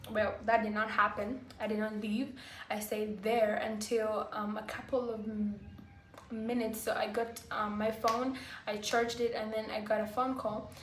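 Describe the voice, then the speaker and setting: A woman vlogger telling a personal story to camera, halting and full of fillers like "like" and "you know". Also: medium pitch, flat delivery, a bit bright. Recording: roomy echo, faint background hiss.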